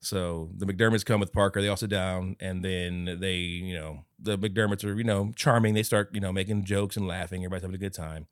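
A man's voice: low-pitched, fairly even intonation, fairly quick, hardly any pauses, clean tone, no echo, studio quality. Laughing, profane man retelling a movie. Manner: profane, laughing storyteller who acts out quotes. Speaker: podcast co-host. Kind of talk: casual movie review chat.

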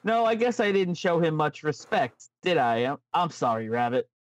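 A man doing a slow sheepish buzzard puppet. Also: on the high side, sing-song, no room sound, far from the mic.

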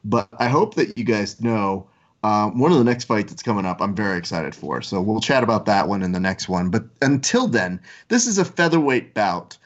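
A man's voice: on the low side, very animated, normal speed. A man hosting a casual podcast, teasing his guests and keeping the segments moving. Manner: joking, teasing, runs the segments. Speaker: podcast host. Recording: slightly dull lo-fi sound.

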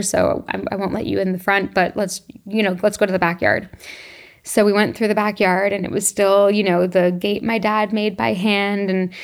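A young woman from Canada, hosting her own podcast, tells a personal story in a reflective, emotional way and laughs often. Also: medium pitch. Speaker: podcast host. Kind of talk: casual solo monologue.

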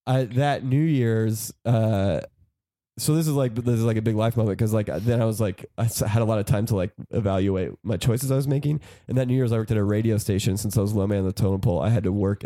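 A man's voice: fairly low pitch, mellow, no echo, clean studio sound. A man in his forties telling a funny story as a podcast guest, rambling with lots of "like" and laughing as he goes. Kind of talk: casual comedic storytelling.

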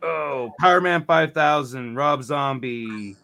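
A man's voice: mid-range voice, slow, creaky. Profane rambling male storyteller. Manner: rambling, profane, animated quoting. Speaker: podcast co-host. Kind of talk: casual storytelling.

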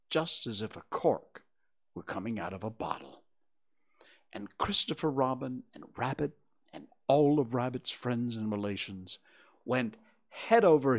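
A man reading a children's story aloud with expressive storytelling. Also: medium pitch.

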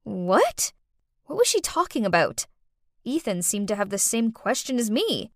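A young woman narrating a first-person animated story in a dramatic, exclaiming manner. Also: fairly high pitch, measured pace, no room sound, clean studio sound. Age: young adult.

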